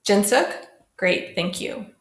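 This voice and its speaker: Slow-speaking woman teacher. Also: medium pitch, expressive. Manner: slow, careful, modelling sounds for repetition. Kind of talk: classroom pronunciation lesson. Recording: echoey room.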